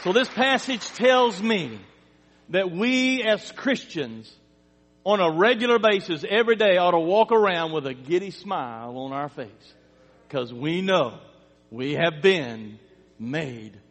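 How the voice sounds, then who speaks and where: A male pastor preaching a sermon, telling stories in a conversational way, with emphatic swells and quiet drops. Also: high-pitched, big-room sound. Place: church sanctuary.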